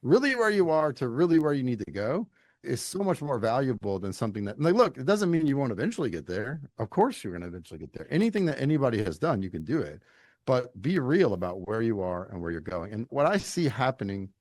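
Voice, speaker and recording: A middle-aged man from Louisiana, a leadership coach talking as a podcast guest in an animated, emphatic, folksy storytelling way. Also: mid-range voice, quick pace, no room sound. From Louisiana, United States. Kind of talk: conversational interview.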